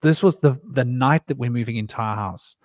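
A man's voice: medium pitch, a little fast, a little mellow, no echo, clean studio sound. Rambling anecdotal male storyteller. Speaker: podcast host. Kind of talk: candid storytelling conversation.

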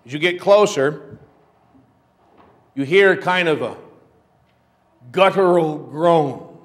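Slow-spoken pastor in a reverberant church. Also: male voice, fairly high pitch. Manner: slow, measured storytelling delivery. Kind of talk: sermon. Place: church sanctuary.

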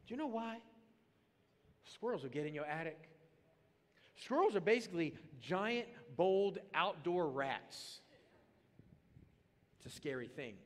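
A man preaching a sermon as pastor, animated and comic, swinging into loud excited bursts. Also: sits high, a little slow, long pauses. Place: church auditorium. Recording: long reverb of a large hall.

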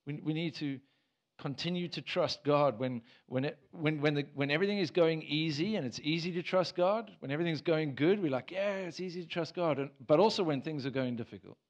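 A man's voice: fairly high pitch, a little fast. Earnest man preaching a sermon. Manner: earnest, rises to emphatic bursts, many restarts. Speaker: pastor. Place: church. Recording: dull church service recording.

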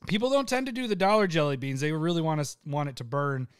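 A man co-hosting a live podcast who chats loosely and rambles with a laugh. His voice is smooth and clear, a touch high, and the sound is dry and close. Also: fast, no echo. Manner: laughing, loose and rambling, reads out patron shout-outs. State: hiccups and eating hot peppers. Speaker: podcast co-host. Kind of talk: casual live podcast chat.

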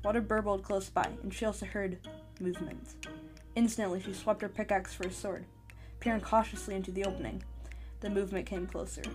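A podcast host reading a short adventure story aloud in an eager storytelling manner. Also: female voice, medium pitch, fairly even intonation, brisk, music in the background. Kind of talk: storybook narration.

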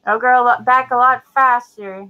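A woman's voice: on the high side, steady tone, normal speed, narrow, tinny audio. Casual chatty woman selling books. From Louisiana. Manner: casual, chatty, joking asides. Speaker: co-host selling items. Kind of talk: casual live sale chat.

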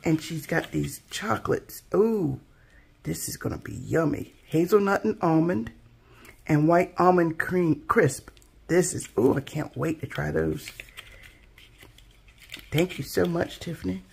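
A woman's voice: deep voice, unhurried, creaky, husky. A woman hosting a craft channel, chatting casually and admiringly as she unboxes handmade gifts. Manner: soft-spoken, gushing, admiring.

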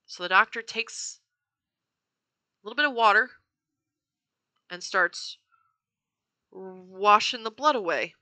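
A woman's voice: medium pitch, slow pace, pauses often, pushed and bright. A woman hosting a true-crime podcast, telling the story in a chatty, profane way with lots of fillers and self-corrections.

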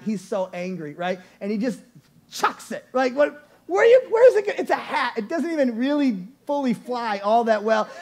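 A man preaching a storytelling sermon to a church congregation, animated and playful, often laughing as he goes. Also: sits high. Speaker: lead pastor. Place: church service before a congregation.

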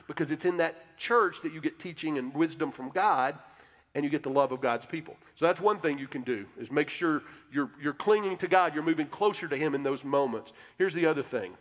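Male pastor, earnest and emphatic, a touch high, answering questions in a church with long hall reverb. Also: fairly bright tone. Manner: earnest, emphatic preaching, speaks straight to the congregation. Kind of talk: sermon-style Q&A answer. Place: church sanctuary.

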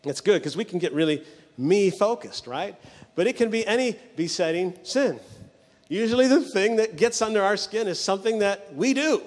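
A man's voice: high-pitched, animated. Man preaching in a reverberant hall. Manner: storytelling with quick mimicry. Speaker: pastor. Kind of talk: sermon.

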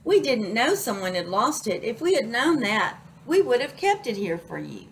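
A woman's voice: fairly high pitch, sing-song, moderate pace, slight background noise, poor audio. A woman voicing a group of playful glowing jellyfish who chat lightly. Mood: chatty.

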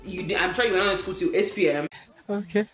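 A woman's voice: on the low side, quick pace, roomy sound, soft background music. A young woman, teasing and laughing as she chats with her partner. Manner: teasing, laughing, lively storytelling. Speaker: vlogger. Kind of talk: casual couple chat.

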